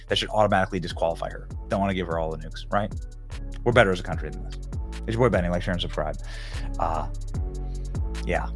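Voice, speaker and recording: A man with a somewhat low voice hosts a commentary show. He talks in a sarcastic, mocking tone and laughs readily between remarks. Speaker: host. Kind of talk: political commentary.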